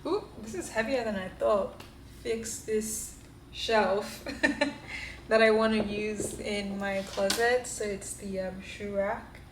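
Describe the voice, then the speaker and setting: A young woman vlogs casually from her apartment, speaking into her camera with a steady, medium-pitched voice at a slow pace. She's candid and self-reflective and often laughs, with a noisy background and roomy indoor echo.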